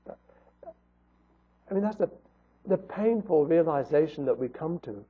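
A man's voice: a little high, husky. A man preaching a sermon in an earnest tone, asking rhetorical questions. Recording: tinny phone-like audio.

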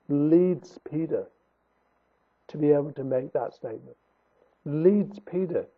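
A man's voice: on the high side, husky. A man preaching a sermon in an earnest, emphatic way, repeating his key phrases for weight. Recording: tinny phone-like recording.

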